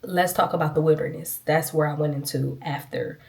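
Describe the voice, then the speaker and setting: A woman's voice: low-pitched, steady tone, fairly quick, darkish tone. A woman giving a casual, earnest faith testimony to her viewers, sniffling a little as she talks. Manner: earnest, chatty, addresses viewers as y'all. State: sniffling, itchy nose. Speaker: vlogger.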